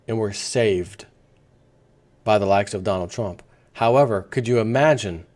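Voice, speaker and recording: A man's voice: mid-range voice, a little mellow. A man delivering a combative political rant as a vlogger, firing off rhetorical questions and rambling through crude asides. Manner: mocking, slips into sarcastic quoted voices. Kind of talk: ranting opinion monologue.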